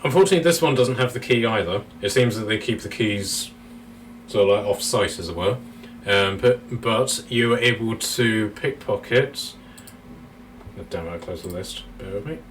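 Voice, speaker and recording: A man's voice: lowish voice, moderate pace. A man running a tabletop game as game master, talking casually, laughing often and thinking aloud while he checks his notes. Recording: distant mic, faint noise.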